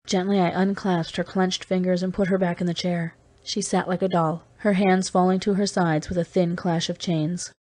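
A woman narrating a novel in the first person in a steady, measured reading. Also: on the low side, no room sound. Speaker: audiobook reader.

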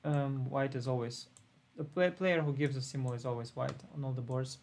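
Laid-back man with a gravelly voice. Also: medium pitch, steady tone, normal speed, darkish tone, slight background noise. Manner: laid-back, thinking aloud. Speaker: chess player giving an online simul. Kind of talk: live-stream commentary while playing.

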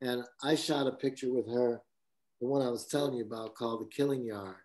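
A man speaking as a guest cinematographer, telling stories casually with a lively delivery, laughing often and acting out quotes. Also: medium pitch, brisk. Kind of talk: casual anecdotal storytelling.

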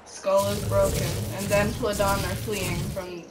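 A young woman narrating her own video game in a mock nature-documentary style, slipping between hushed narration and casual reactions. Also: mid-range voice, level tone, unhurried, noisy background. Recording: roomy, distant mic under loud game music.

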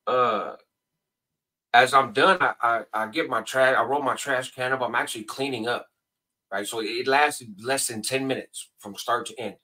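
A man telling a long story as a guest on a casual show, acting out other people's voices in a high pitch. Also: sharp tone, distant mic. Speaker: podcast guest. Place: home in Nevada.

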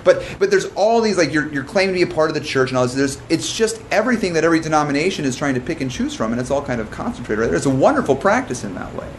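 Pastor guy running a bible study, mid-pitched voice, chatty, lots of restarts, faint hiss behind. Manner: informal and fast, with restarts and joking asides. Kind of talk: conversational Bible study teaching.

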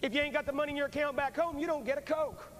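A man's voice: very high voice, fairly even intonation, racing, a bit bright. A man preaching as an evangelist at a revival service, fervent and urgent, repeating his phrases as he pleads with the crowd, on a poor VHS recording from a large church. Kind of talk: revival sermon with altar call. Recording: poor VHS recording with long hall reverb and faint hiss.

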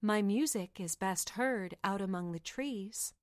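A woman voicing a small, gentle nightingale who speaks softly and graciously. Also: mid-range voice, unhurried, no echo, studio quality, close to an everyday voice. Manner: soft, gracious, modest.

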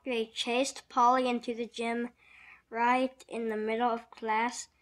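A woman reading a children's picture book aloud, slow and expressive, giving the characters little voices. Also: on the high side. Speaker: storybook reader.

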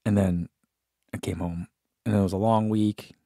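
A man's voice: fairly low pitch, fairly even intonation, moderate pace, warm tone, no echo, clean studio sound. Chatty man hosting a live stream. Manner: chatty, rambling, with fillers and laughs. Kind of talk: casual live-stream chat reading viewer comments.

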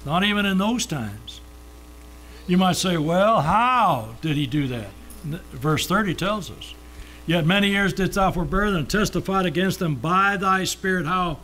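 Man preaching, slow stressed words. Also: high voice, a bit bright. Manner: slows down to stress key words, asks and answers his own questions. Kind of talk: sermon.

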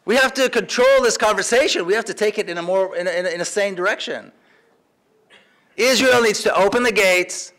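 A man's voice: high voice, fairly quick, a bit bright. A man giving an impassioned public speech in a large lecture hall, emphatic and repeating phrases for force. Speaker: activist speaker.

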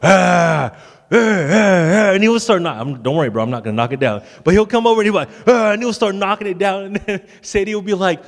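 A man's voice: high voice, lively intonation, rapid-fire. A man in his thirties, a pastor giving a sermon in a casual, joking way with stammered restarts. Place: church sanctuary. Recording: long church hall reverb.

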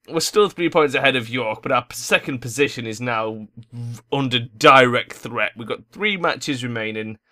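This gaming YouTuber is a young man whose mid-range voice has a sharp tone. He curses and vents while commentating on a football tactics game.

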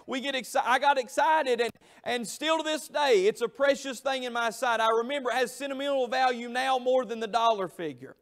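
A middle-aged man, preaching a revival sermon in a church, telling a story with emphatic, drawn-out phrases. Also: very high voice. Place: church sanctuary.

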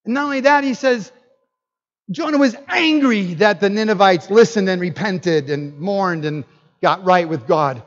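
An older man, a guest pastor, preaching a sermon with animated swings between loud emphatic bursts and low asides. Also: unhurried. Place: church hall. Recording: dull sound in a reverberant hall.

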